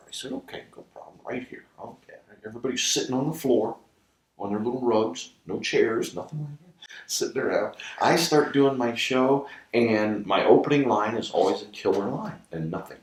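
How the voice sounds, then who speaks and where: A man telling a story in an interview, his pitch rising and falling a lot. He laughs often as he goes. The room is roomy and the mic sits some way off. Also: recorded from a distance. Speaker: ventriloquist guest.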